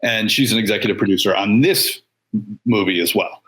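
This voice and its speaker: A man guest on a radio show, explaining how a documentary came together in a measured way. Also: lowish voice, a bit bright. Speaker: guest, film producer. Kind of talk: radio interview answer.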